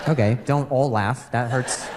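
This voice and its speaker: A man performing a live stand-up comedy set, with a halting delivery that repeats words and hums between phrases. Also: medium pitch, heavy background noise.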